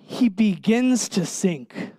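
High-voiced man preaching a sermon. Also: expressive, mellow, no room sound. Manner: earnest, emphatic preaching with pauses and direct questions to listeners.

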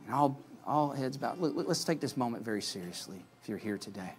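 A pastor giving a sermon, earnest, rising to loud calls and dropping to soft pleading at the altar call. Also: male voice, mid-range voice, lively intonation, fairly quick, faint music behind.

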